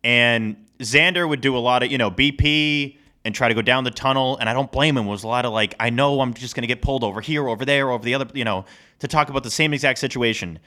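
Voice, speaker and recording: A man co-hosts a casual sports podcast. He rambles animatedly and laughs often. His voice is bright and forceful, set at an ordinary pitch. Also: fast. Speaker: podcast co-host.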